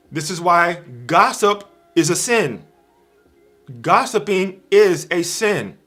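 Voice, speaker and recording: A man's voice: high voice, animated, takes it slowly, pushed and bright, soft background music. A man giving an informal livestream sermon, emphatic and repeating his key phrases. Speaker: preacher on a livestream.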